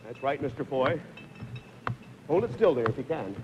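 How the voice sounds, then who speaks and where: A man hosting a live TV game show, briskly explaining stunts and coaxing contestants on, heard through a 1950s broadcast recording. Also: mid-range voice, animated, background noise. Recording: dull 1950s TV broadcast with long reverb.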